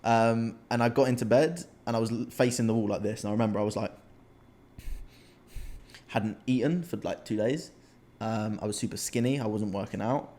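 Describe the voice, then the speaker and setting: Young uk man, podcast co-host, animated storyteller, repeats himself, casual chat. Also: lowish voice, normal speed. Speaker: podcast co-host, men's coach.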